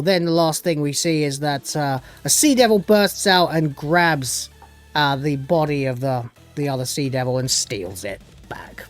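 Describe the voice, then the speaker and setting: A man giving a casual spoken recap of a TV episode as a reviewer, sarcastic and dismissive, rambling with many fillers. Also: on the high side. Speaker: show reviewer.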